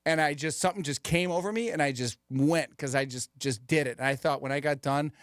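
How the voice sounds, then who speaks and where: A man, a comedian guest on a radio show, tells stories casually with frequent restarts. His voice is slightly high for a man. The sound is dry and close. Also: brisk, no echo. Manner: storytelling, loose, repetitive restarts.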